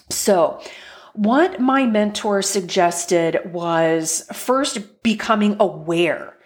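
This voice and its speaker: A woman life coach hosting her own podcast, talking to listeners in a chatty, encouraging way and acting out everyday complaints. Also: medium pitch. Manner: chatty, encouraging, acts out quoted thoughts. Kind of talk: solo podcast talk.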